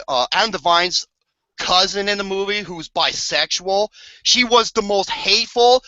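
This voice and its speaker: A bright, forceful voice rants through a movie review, swearing often and breaking into mock-outraged outbursts. The audio is dull and lo-fi, recorded close and dry with no room sound. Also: mid-range voice, no echo. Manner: profane, exasperated, theatrical outbursts. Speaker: podcast co-host reviewing a movie.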